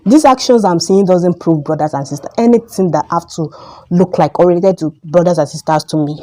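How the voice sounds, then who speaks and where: Young Nigerian woman vlogger, Nigerian accent, low mellow tone, insistent ranting delivery. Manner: emphatic, repetitive, rises sharply when heated. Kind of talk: opinion vlog rant.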